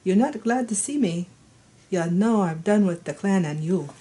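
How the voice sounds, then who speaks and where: A hoarse woman reading the lines of an eager, impatient female calico cat in her own story, a little higher than her normal voice. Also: lively intonation, normal speed, dark tone, close to an everyday voice.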